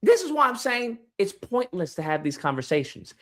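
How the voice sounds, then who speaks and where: A man hosting a livestream call-in, shouting profane, angry rants at a caller. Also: high-pitched, big pitch swings, normal speed. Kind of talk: heated call-in debate.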